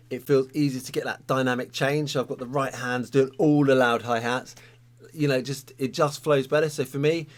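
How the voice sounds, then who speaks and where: A man teaching a drum lesson, talking casually and counting sticking patterns aloud. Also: medium pitch.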